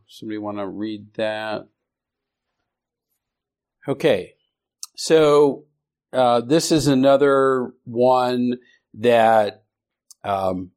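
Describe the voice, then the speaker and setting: A man teaching a Bible study class, speaking haltingly with many restarts and questions to the students. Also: lowish voice, a little mellow.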